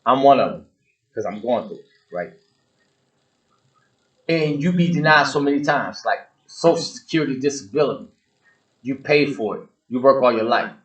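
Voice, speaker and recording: In a ranting monologue on his own show, a man addresses listeners head-on, preachy, blunt and emphatic, driving his points with repetition. His medium-pitched voice has lively intonation and a moderate pace with frequent pauses, and the audio is poor.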